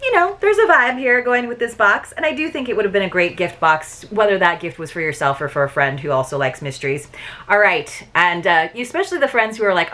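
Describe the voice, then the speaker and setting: A woman's voice: medium pitch, lively intonation, fairly quick, pushed and bright. A woman in a casual unboxing video, chatting to viewers as "you guys" and reading bits aloud. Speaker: book box reviewer.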